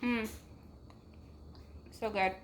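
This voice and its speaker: A woman's voice: fairly high pitch, steady tone, extremely slow, a little hiss or hum. A young woman hosting a home cooking vlog, talking casually to her viewers with lots of fillers as she cooks in her kitchen. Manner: chatty, warm address to viewers with frequent fillers. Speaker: cooking vlogger.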